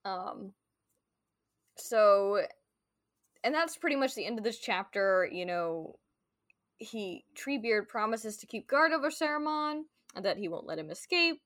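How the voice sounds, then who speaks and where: A woman's voice: medium pitch, lively intonation, a little slow, fairly bright tone, no echo, clean studio sound. A woman co-hosting a podcast in casual chat, talking loosely with lots of filler words and playful paraphrases. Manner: chatty, heavy on "like" fillers, paraphrases characters playfully. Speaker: podcast co-host.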